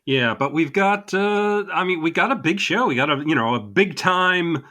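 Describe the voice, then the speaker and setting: A man from New Jersey co-hosting a casual comedy podcast, joking with playful deadpan asides. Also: fairly high pitch, normal speed. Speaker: podcast co-host.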